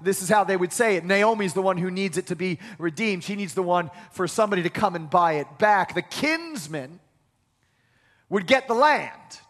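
High-voiced preacher in an echoing hall. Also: male voice, normal speed, fairly bright tone. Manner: conversational preaching with dramatized asides. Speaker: pastor. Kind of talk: sermon.

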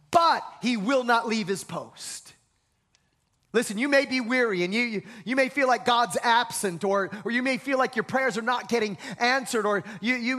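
A man preaching in a church with a notably high voice. His tone is bright and forceful, and he drives each point home with repetition. He keeps calling on the congregation to answer him. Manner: emphatic, repeats words, asks the congregation to respond. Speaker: pastor. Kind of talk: sermon.

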